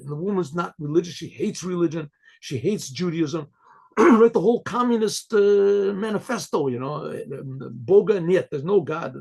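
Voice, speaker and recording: A man, a rabbi, telling a story in a loose, conversational way. He clears his throat often and restarts his sentences. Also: sits high, animated, normal speed, a little mellow.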